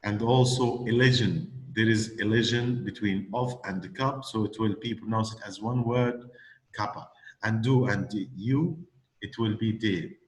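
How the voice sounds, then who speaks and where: A man's voice: lowish voice, measured pace, poor audio. A man teaching English pronunciation, patiently modelling phrases for a student. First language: Arabic. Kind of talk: classroom lesson with a student.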